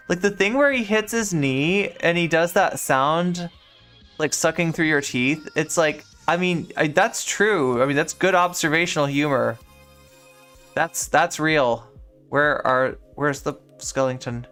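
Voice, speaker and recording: A woman streams a game and chats casually, rambling with lots of filler words. Her voice is smooth and clear. Faint game music plays underneath. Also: low-pitched, a bit bright. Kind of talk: casual live-stream chat while gaming.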